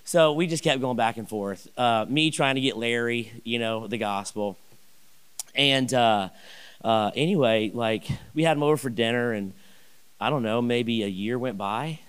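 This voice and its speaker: Animated man preaching a personal story. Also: mid-range voice, moderate pace, smooth. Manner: animated, rambling, many restarts and asides. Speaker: pastor. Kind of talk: sermon storytelling.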